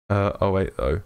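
A man's voice: on the low side, darkish tone. An English man live-streaming a game, chatting in an upbeat way with viewers, greeting them by name and laughing often. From England. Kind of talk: casual live-stream chat while gaming.

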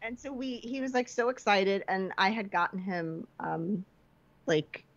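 A woman guest on a casual podcast, telling an animated story and acting out the quotes. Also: a little slow. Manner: animated storyteller, acts out quotes with high pitch jumps. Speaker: guest filmmaker. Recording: slightly dull lo-fi podcast audio.

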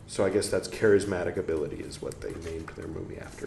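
Podcast host, male, low voice, reads aloud and wanders into joking asides; roomy sound. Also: sing-song, a little fast, vocal fry, few pauses, soft background music. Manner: rambling, self-mocking, breaks off to joke.

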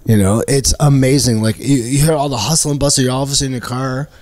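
A man from Canada, a guest comedian, telling animated stories in a casual chat, laughing often and mimicking voices. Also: mid-range voice, fast talker.

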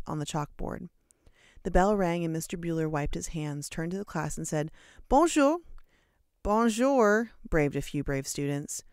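An audiobook reader narrating a short story in a steady, measured way. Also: mid-range voice, dry recording, clean studio sound. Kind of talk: storybook narration read aloud.

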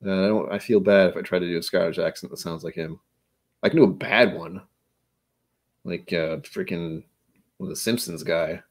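A man's voice: low-pitched, moderate pace, pauses often. A man hosting a casual chat, rambling and self-mocking, who now and then slips into joke accents. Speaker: host.

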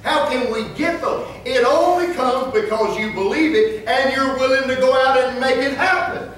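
A man pastor preaching a sermon, telling funny stories and then breaking into emphatic, shouted points. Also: very high-pitched, normal speed, slight background noise. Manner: humorous storytelling that rises into emphatic preaching. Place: church sanctuary. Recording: echoey church from far off.

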